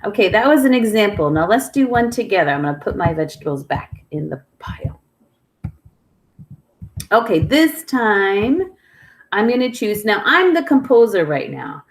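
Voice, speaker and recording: Patient woman teaching a kids' music class. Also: mid-range voice. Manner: patient, clear, sing-song call-and-response prompting. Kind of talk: online music lesson for children.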